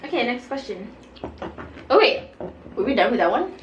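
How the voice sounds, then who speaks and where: A young woman in casual chat over a meal, animated and teasing, laughing often. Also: on the high side, normal speed, lo-fi sound. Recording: echoey room with faint noise.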